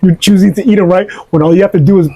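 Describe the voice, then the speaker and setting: A man's voice: sits high, steady tone, rapid-fire, warm tone. A man in a casual podcast chat, agreeing and chiming in with short remarks.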